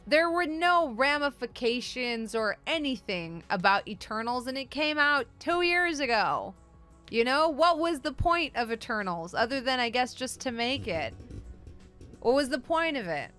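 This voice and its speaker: Woman streamer, bright edgy voice, rambling profane sarcastic rant, casual commentary, faint music underneath. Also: high-pitched, big pitch swings, a little slow. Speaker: streamer host.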